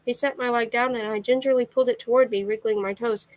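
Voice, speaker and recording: A woman reading a novel aloud in steady first-person narration, with occasional slips. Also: fairly high pitch, fast talker, dry recording, low-quality recording. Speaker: amateur reader.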